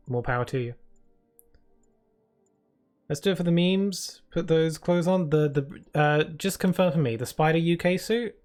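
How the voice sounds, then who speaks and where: A man streaming a video game, chatting casually and playfully with his viewers, full of filler words and restarts. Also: a little high. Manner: chatty, playful, answers chat with many fillers. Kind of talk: casual live-stream chat. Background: game music.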